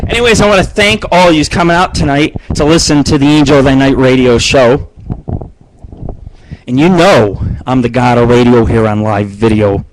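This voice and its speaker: A man's voice: mid-range voice, a little hiss or hum, low-quality recording. A man hosting his own live internet radio show, telling rambling, crude stories with plenty of swearing. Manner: crude, rambling storytelling with frequent swearing and laughs. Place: home studio broadcasting on live video.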